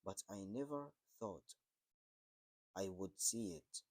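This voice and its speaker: Soft-spoken country lad, voiced plainly by a man, slow and dry. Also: fairly low pitch, no room sound. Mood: gentle. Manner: gentle, warm. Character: friendly country boy, gentle and kind.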